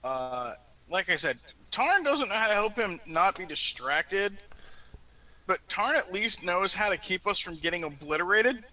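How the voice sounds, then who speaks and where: A man at a tabletop game works out his character's moves aloud, pausing and hedging as he goes. His voice is strikingly bright and edged, sitting a little high for a man. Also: very animated, poor audio. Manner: hesitant, thinking aloud. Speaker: player.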